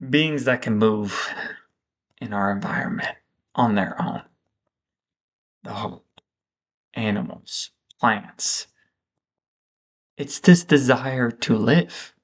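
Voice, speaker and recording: A man thinking aloud in a reflective vlog monologue, slow and halting, with frequent pauses. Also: medium pitch. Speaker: vlogger.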